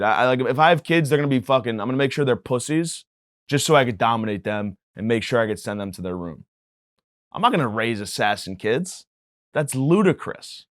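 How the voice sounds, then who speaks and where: Male comedy podcaster, mid-pitched, swears and rambles, dry close sound. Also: dry recording. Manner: profane, rambling, mock-indignant. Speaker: podcast host. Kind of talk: comedic monologue.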